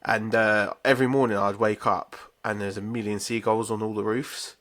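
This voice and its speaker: A man's voice: on the low side, little pitch movement, moderate pace, fairly bright tone. A man, a podcast co-host telling stories in casual chat, blunt and sweary.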